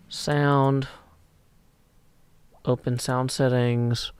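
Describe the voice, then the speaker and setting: A man chatting casually on a live stream, reading chat aloud and rambling through answers on a desk mic that clips when loud. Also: on the high side, lively intonation, measured pace.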